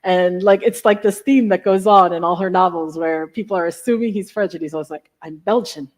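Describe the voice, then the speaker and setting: A woman's voice: fairly low pitch, fairly quick, a little mellow. A woman hosting a live stream between songs, chatting in a rambling, enthusiastic way with lots of asides. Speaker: live stream host and singer.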